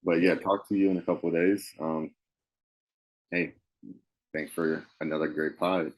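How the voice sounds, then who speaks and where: A man with a very low voice and a drawl talks college football on a podcast. His delivery is loose and rambling, with plenty of ums and restarts, like easygoing chat between friends. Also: steady tone, moderate pace, low-quality recording. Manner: loose, rambling, many fillers. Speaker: podcast co-host. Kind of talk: casual sports chat.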